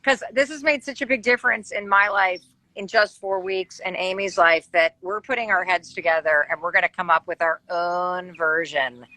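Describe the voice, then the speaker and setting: A woman host talking excitedly in casual conversation, with many fillers. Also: on the low side, normal speed, no room sound, rough recording.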